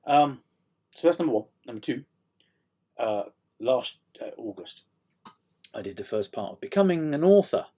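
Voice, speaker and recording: A middle-aged man from South Yorkshire with a slightly croaky voice, chatting casually to camera in a rambling, self-deprecating way with many ums and restarts. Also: mid-range voice, big pitch swings, normal speed, pauses often, mellow. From South Yorkshire, England. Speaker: author vlogging a writing update. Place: home room, indoors.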